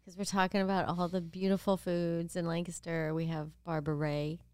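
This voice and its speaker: A woman being interviewed on a podcast, chatty and quick to laugh. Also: lowish voice, level tone, a little mellow, clean tone, no echo, clean studio sound. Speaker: podcast guest, photographer. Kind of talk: casual chat.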